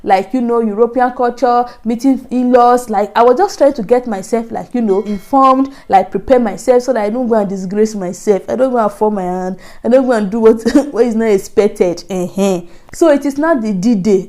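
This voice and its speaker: Chatty Nigerian woman with a gravelly, mellow voice. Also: a little high, fairly quick. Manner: chatty, laughing often, many "like, you know" fillers. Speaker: vlogger. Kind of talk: casual storytelling vlog.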